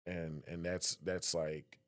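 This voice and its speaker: A young man co-hosting a podcast, telling stories in a casual, animated way and acting out voices. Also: low voice, takes it slowly. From Southern West Virginia. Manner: animated storyteller, acts out voices. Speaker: podcast co-host. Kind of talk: casual conversation.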